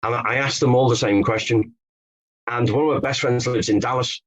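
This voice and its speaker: A man's voice: medium pitch, steady tone, fairly quick, poor audio. A man, an author and Beatles expert, telling stories as a podcast guest with some fillers and restarts. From England. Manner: storytelling, explanatory, with fillers and restarts. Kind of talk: podcast interview answers.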